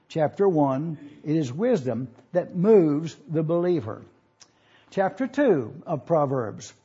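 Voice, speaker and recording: A man's voice: high voice, warm tone, husky, muffled recording. A man preaching a sermon in an auditorium, teaching and asking listeners to follow along in their Bibles.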